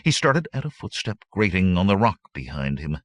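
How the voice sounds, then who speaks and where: A man reads an adventure novel aloud with a deep, lively voice that moves a lot in pitch. His tone is bright and crisp, and the recording is dry and close. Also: normal speed, no echo. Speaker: audiobook narrator. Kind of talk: scripted narration.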